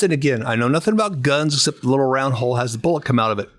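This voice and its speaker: A middle-aged man telling stories as a guest on a podcast, animated, with casual storytelling. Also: mid-range voice, racing. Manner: animated storyteller who acts out voices.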